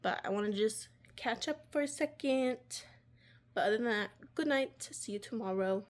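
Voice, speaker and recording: A woman's voice: fairly high pitch, normal speed. A young woman chats casually about her reading. She rambles and fills her talk with fillers. She is recorded on a phone at home beside her bookshelf. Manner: rambling, filler-heavy, chatty. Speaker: book vlogger. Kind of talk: casual vlog chat.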